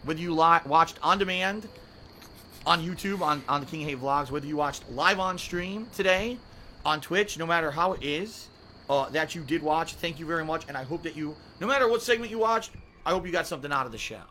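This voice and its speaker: A man's voice: fairly high pitch, brisk, pushed and bright, slight background noise. A man hosting a live-stream podcast from home, talking earnestly and emotionally and close to tears while he reads viewer messages and signs off. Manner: casual, with swearing and filler words. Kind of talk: heartfelt sign-off while reading viewer messages.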